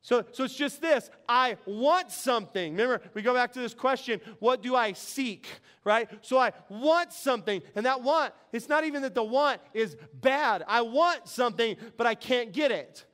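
Middle-aged guy preaching, real high voice, talks like he's just chatting and telling stories. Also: expressive, normal speed, few pauses, a bit bright, clean tone. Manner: earnest, conversational preaching with storytelling. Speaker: pastor. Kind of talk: sermon.

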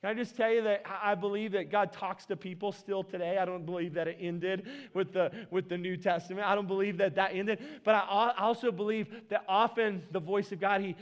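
A male pastor preaching a conversational sermon in a church, often restarting and repeating words, speaking into a worn mic. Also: high voice. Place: church sanctuary. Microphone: worn microphone.

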